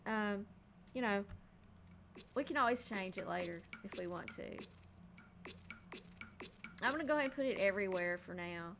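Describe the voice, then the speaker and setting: A woman's voice: medium pitch, fairly bright tone, a little hiss or hum. A woman casually narrating her home build in a game, thinking aloud with frequent ums and hesitations. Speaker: game building video creator.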